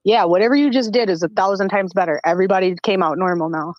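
A woman's voice: mid-range voice, fast, no echo, dull audio. A woman joining a casual call-in chat, blunt and swearing casually. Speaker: caller on the show.

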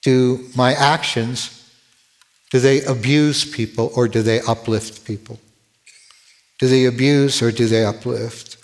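A man's voice: mid-range voice, fairly even intonation, a little slow. Earnest male pastor preaching in a reverberant hall. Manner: earnest, repeats words when starting a phrase. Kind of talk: sermon.

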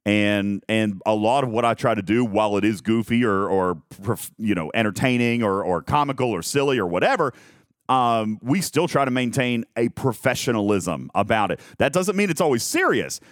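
A man hosting a live stream, talking in a rambling, self-mocking way with lots of halting restarts. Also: fairly low pitch, lively intonation, no room sound, clean studio sound. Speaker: host of a live game talk stream. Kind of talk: casual live-stream chat.

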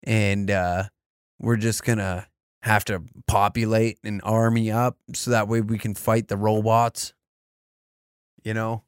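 A man's voice: fairly low pitch, little pitch movement, slow, clear, resonant tone, no room sound, studio quality. A man in his twenties doing a crude, rambling comic monologue in a mock-serious tone. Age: 20s.

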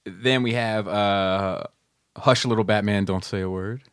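Low-voiced rambling man on a podcast. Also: steady tone, measured pace, clean tone, no echo, clean studio sound. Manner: rambling, swears, laughs a lot. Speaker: podcast co-host. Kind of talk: casual chat about comics and films.

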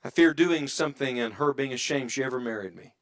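A middle-aged man preaching a sermon in church, dropping to an earnest hush and rising to emphatic calls, often asking the congregation questions. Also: medium pitch, animated, fast. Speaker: evangelist preacher.

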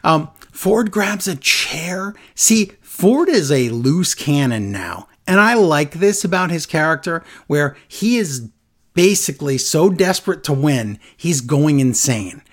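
A man chatting casually on a podcast, animated and acting out quotes in a lowered voice. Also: slow. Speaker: podcast co-host recapping wrestling. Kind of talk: casual chat.

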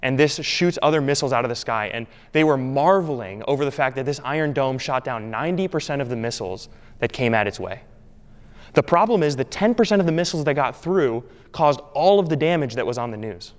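Smooth-voiced preacher in a reverberant hall. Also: male voice, medium pitch, animated, brisk. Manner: earnest, emphatic with repeated phrases. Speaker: pastor. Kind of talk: sermon.

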